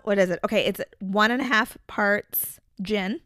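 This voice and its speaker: A young woman co-hosting a podcast in casual chat, talkative and quick to laugh, telling little stories with plenty of asides. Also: mid-range voice, bright, forceful tone, no room sound, studio quality. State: pregnant. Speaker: podcast co-host.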